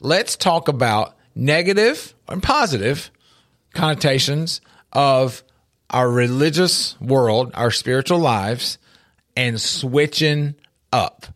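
A middle-aged man co-hosts a casual talk show, voice sitting at an ordinary middle pitch. He tells his stories with animated emphasis. He often repeats a word or two as he gets going. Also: slow. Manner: storytelling, animated, repeats words when starting sentences. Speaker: podcast co-host. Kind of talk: casual faith and life talk.

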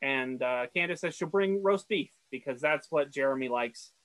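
A man's voice: mid-range voice, moderate pace, a bit bright, no room sound, poor audio. Stammering, rambling male podcast host. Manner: rambling, stammering, self-deprecating. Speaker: podcast co-host recapping a cartoon episode. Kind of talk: casual chat.

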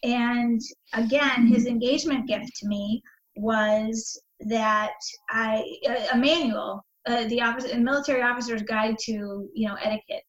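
Higher-voiced woman telling a personal story. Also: fairly even intonation, a little slow, echoey room, dull audio. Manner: candid, meandering, with many fillers and restarts. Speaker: interview guest.

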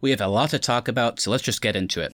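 A man's voice: mid-range voice, racing, fairly bright tone, no room sound, clean studio sound. A man hosting a casual podcast, recapping an episode and chatting loosely with friends. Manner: recaps plot then chats loosely with friends. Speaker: podcast host.

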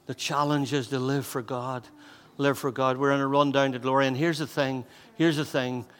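A man of sixty preaching a sermon as pastor, fervent and repetitive, moving between loud exhortation and hushed intensity. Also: mid-range voice, little pitch movement, normal speed, clean tone, long reverb tail. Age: 60s. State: out of breath. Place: church hall.

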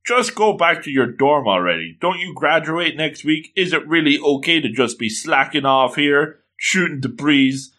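A blunt, bristly young man who has given up his childhood dreams, as a man reading aloud plays him. He answers short and flat, with a bright, clear tone. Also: on the high side, normal speed, few pauses. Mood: scolding. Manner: curt and dismissive. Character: gruff, cynical young man, a smoker.

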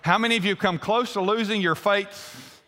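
A man's voice: high voice, normal speed, pushed and bright, in a large hall. An older man, preaching a sermon to his congregation in a folksy way and asking them questions. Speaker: pastor. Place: church sanctuary.

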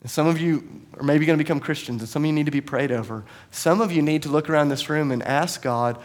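A man preaching a sermon as pastor, telling a story earnestly and sometimes dropping to soft, quiet tones. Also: on the high side, fast, hardly any pauses. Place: church sanctuary.

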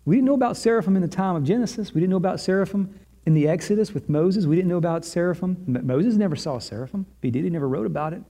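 A male pastor giving a sermon, retelling a scene dramatically with long pauses and repetition. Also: high voice, warm tone.

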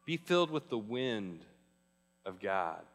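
A male pastor preaching a sermon in a conversational, emphatic way, slowing down on key phrases. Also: on the low side, very animated, a bit bright, in a large hall. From Arizona, US.

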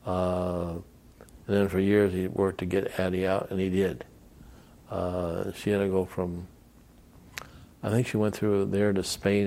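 Older man with a deep gravelly voice. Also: a little mellow. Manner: rambling anecdotes acting out quoted voices. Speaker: veteran interviewee. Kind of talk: oral history storytelling.

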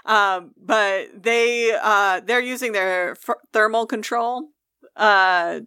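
Woman, tabletop player, slow hesitant talk, clear bright voice. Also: medium pitch, no echo, studio quality. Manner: slow, hesitant, many fillers. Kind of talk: casual chat.

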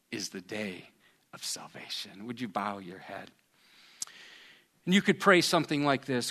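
Slow, bright-voiced male preacher. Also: lowish voice, expressive. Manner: earnest preaching, swings from hushed to loud. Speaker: pastor. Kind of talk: sermon.

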